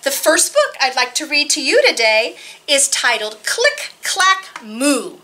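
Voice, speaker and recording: Woman, children's librarian, storytime reading, high voice, very lively pitch, unhurried pace. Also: a little hiss or hum. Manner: animated, exaggerated sing-song delivery. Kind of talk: storytime reading and singing for kids.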